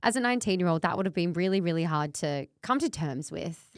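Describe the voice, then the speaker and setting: A woman hosting a podcast interview, gentle and supportive, offering short affirmations. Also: lowish voice, animated, fast, no room sound, clean studio sound. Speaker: podcast host.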